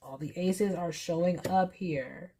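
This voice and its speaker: A woman giving a casual tarot reading, musing aloud with sudden excited bursts. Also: lowish voice, a little slow. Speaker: tarot reader.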